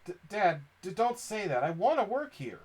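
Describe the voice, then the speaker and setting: Stammering, pleading young man, done by a man reading a game aloud, high voice. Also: big pitch swings, normal speed, husky, exaggerated voice. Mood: flustered. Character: young male diver, earnest and flustered.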